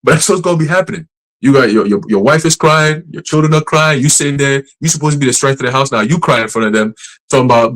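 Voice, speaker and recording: A man preaching casually on a livestream, blunt and profane, laughing often and slowing down to read scripture verses. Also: mid-range voice, fairly bright tone, low-quality recording.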